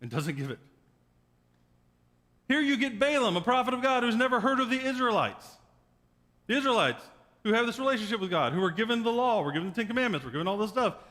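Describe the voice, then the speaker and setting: A man's voice: very high-pitched, very animated, fast talker, pauses often, sharp tone. Wry male pastor preaching with long reverb. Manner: wry, joking storytelling. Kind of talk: sermon. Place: church sanctuary.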